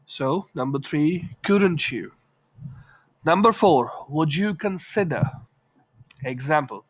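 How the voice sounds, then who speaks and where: A man's voice: on the high side, animated, takes it slowly, fairly bright tone, no room sound. A man teaching English in a casual video lesson, chatting through examples and acting out short lines.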